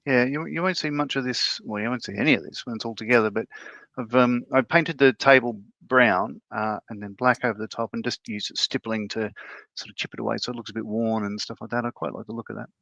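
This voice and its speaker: A man talks loosely through his scale model work, wandering between thoughts with plenty of ums. His voice has a gravelly fry to it. The sound is muffled and lo-fi, but dry and close. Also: medium pitch, steady tone, a little fast, sharp tone, dry recording. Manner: rambling, explains his model build step by step with many fillers. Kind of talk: casual livestream chat.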